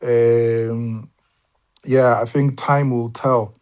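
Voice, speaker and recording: A man's voice: mid-range voice, little pitch movement, extremely slow, a little mellow, smooth. A man speaking on a casual online panel, thoughtful and hesitant, with many fillers and restarts. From Zimbabwe. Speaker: panel guest.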